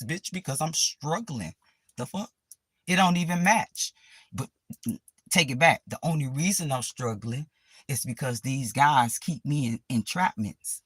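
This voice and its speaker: A woman's voice: deep voice, slightly rough, dry recording. A woman vlogger in a profane, sarcastic ranting monologue, full of dramatic asides.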